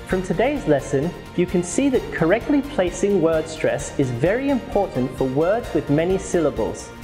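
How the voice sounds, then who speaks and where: A man with a fairly high, lively voice leads a scripted pronunciation lesson, saying each model sentence slowly and clearly. Faint music plays underneath. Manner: slow, carefully enunciated model sentences. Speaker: English pronunciation teacher.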